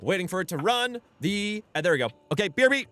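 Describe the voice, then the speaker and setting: Excitable, high-voiced streamer man. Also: quick pace, background noise. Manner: excitable, swearing, frequent shouting. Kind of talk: live gameplay streaming with voice chat.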